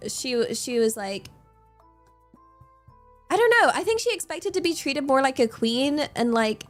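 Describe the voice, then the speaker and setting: High-voiced young woman chatting incredulously. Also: very animated, brisk, soft background music. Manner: incredulous, laughing, loose and rambling with many fillers. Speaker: streamer. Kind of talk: casual chat storytelling.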